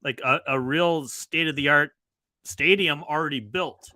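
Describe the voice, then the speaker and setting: Bright rambling man chatting football. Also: on the high side, measured pace, no room sound, low-quality recording. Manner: rambling, restarts often. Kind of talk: casual banter.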